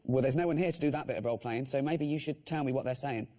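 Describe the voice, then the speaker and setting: A man's voice: medium pitch, quick pace. An English man hosting a casual chat, teasing and mocking his friend. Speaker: host.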